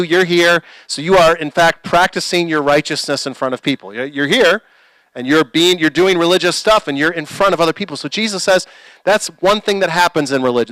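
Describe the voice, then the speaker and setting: A man with a fairly high voice preaches a sermon to his congregation. He fires off rhetorical questions, and his voice comes through dry and close with almost no room sound. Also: a bit bright, dry recording, poor audio. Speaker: pastor. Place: church.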